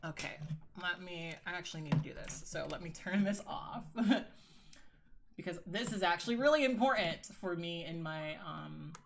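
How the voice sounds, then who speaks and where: A woman's voice: lowish voice, expressive, normal speed, gravelly, background noise. A woman in a casual livestream, chatting frankly with viewers, swearing freely and calling them girl and sis. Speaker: livestreaming video creator.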